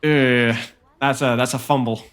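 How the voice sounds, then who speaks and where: A man's voice: medium pitch, steady tone, a little slow, a bit bright, clean tone. A man working as an esports coach, reviewing match footage with blunt, emphatic critique and frequent repeats. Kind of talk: analytical game review.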